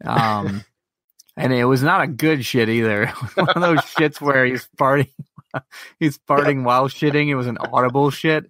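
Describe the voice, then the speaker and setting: A man's voice: mid-range voice, unhurried, pushed and bright, dry recording, studio quality. A man co-hosting a podcast, telling a long, profane story in casual chat. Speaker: podcast co-host.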